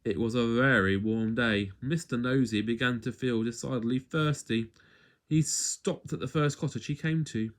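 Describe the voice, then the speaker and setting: A man reading a children's story aloud at home in an expressive, playful way. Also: mid-range voice, moderate pace.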